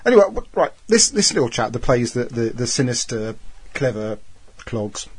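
A man's voice: medium pitch, big pitch swings, moderate pace, slightly rough. A man hosting a casual chat, playful and teasing, rambling with restarts. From Wales. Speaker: podcast host.

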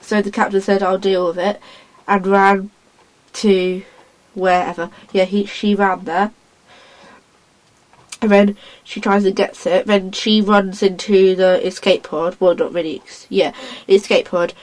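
A woman in casual chat, retelling a story in a rambling, excitable way, acting out lines as she goes. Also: mid-range voice, unhurried, rough recording.

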